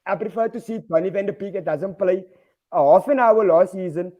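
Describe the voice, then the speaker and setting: Emphatic high-voiced man arguing football. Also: a little fast, phone-quality sound. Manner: emphatic, blunt, swears. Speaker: panelist, Manchester United supporter. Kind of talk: casual football chat.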